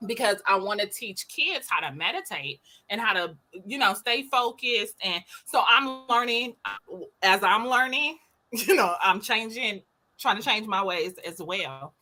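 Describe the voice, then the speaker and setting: Emphatic woman with a lively, bright voice. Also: mid-range voice, a little slow. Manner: emphatic, earnest and repetitive. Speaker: co-host. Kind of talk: casual chat.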